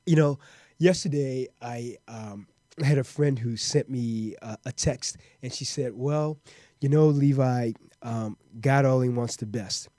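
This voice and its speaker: Man, podcast host, earnest, restarts words, mid-pitch, dry sound. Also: a little slow, warm tone, no echo. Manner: earnest, repeats words while talking. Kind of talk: casual monologue.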